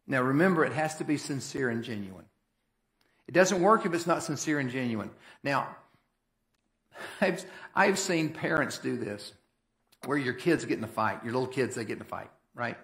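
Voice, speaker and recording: Folksy pastor preaching in echoey church. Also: male voice, mid-range voice, lively intonation, moderate pace, fairly bright tone. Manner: conversational, folksy, emphatic preaching. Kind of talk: sermon. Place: church sanctuary.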